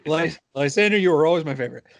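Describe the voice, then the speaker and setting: A man's voice: on the high side, animated, racing, vocal fry, crowd noise. A man narrating as dungeon master of a tabletop game, laid-back and joking.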